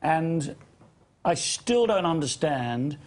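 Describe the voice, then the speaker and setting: A man interviewing, asking halting, repetitive questions and pressing the same point again and again. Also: a little high, very animated, darkish tone.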